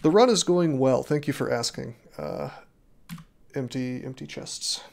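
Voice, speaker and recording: A man's voice: medium pitch, unhurried, gravelly, darkish tone. Ranting, profane male game streamer. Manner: ranting, profane, chatty with restarts. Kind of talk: casual live-stream chat over gameplay. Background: faint keyboard clicks.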